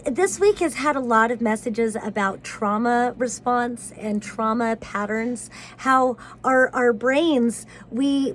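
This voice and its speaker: A woman's voice: on the high side, slight background noise. A woman giving a casual tarot reading, talking in a rambling, hesitant way with many fillers and restarts. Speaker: tarot reader.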